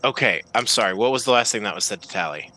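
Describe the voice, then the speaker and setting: Bright-voiced man running a tabletop game. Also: on the low side, lively intonation, fast, rough recording. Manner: loose, chatty narration with fillers. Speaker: game master.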